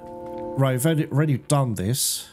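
A man's voice: mid-range voice, animated, moderate pace, darkish tone, soft background music. A man giving casual let's-play commentary, chatting to his viewers, laughing and swearing often. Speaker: gaming streamer.

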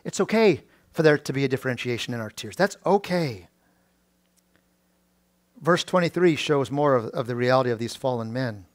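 A middle-aged male pastor giving a sermon, often restarting his words and rising loud and high on key points. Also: lively intonation, moderate pace, no room sound. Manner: preaching with many restarts and repeated words; rises to a loud high pitch when stressing points.

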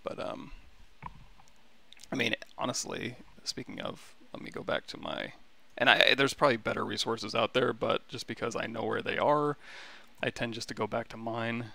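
Bright, gravelly man teaching on a livestream. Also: mid-range voice, normal speed. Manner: relaxed, rambling with many fillers and restarts. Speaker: 3D sculpting instructor. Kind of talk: casual livestream tutorial.

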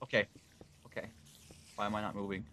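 A young man co-hosting a video game let's play, excitable and prone to yelps and shouts of alarm. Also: fairly low pitch, fairly quick, a little hiss or hum. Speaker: co-host gamer.

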